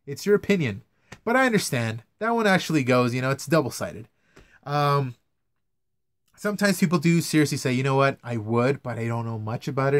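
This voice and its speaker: A man's voice: medium pitch, no echo. A young man ranting casually to camera about his news camera work, swearing a lot and sounding exasperated. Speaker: vlogger, news camera operator.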